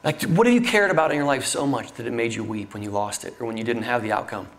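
A man's voice: medium pitch, fast talker, a bit bright. A middle-aged man preaching a sermon in an earnest, conversational way, with frequent fillers and restarts. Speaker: pastor.

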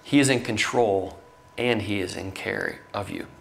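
A man's voice: lowish voice, unhurried, gravelly, a bit bright. Earnest middle-aged male preacher. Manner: earnest, conversational preaching with fillers. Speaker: pastor. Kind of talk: sermon.

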